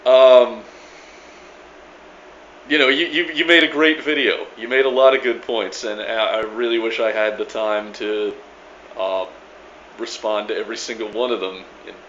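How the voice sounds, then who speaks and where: A man's voice: lowish voice, little pitch movement, normal speed, a bit bright. Rambling, emphatic man on lo-fi audio. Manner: rambling, emphatic, many restarts and stammers, mocking paraphrase, swears often. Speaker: video blogger replying to another creator. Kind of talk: casual spoken video reply. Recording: dull lo-fi sound with faint background noise.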